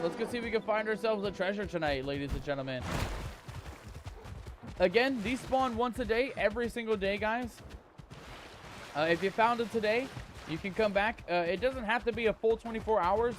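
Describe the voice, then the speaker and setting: A man's voice: sits high, normal speed, slight background noise. A man hosting a live gameplay stream, chatty and upbeat, greeting viewers with pirate slang. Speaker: livestream host.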